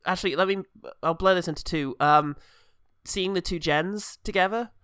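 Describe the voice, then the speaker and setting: A man's voice: high voice, moderate pace, fairly bright tone, smooth, dry recording, studio quality. A man co-hosting a podcast, chatting casually about films, joking and laughing often. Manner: jokey, laughs often, rambling with fillers. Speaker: podcast co-host. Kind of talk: casual film review chat.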